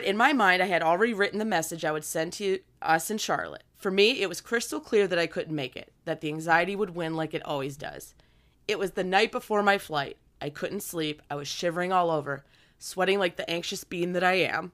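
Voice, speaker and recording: A woman's voice: fairly low pitch, animated, brisk, a bit bright. Woman, podcast co-host, casual chat, reads letters aloud, enthusiastic, laughs often.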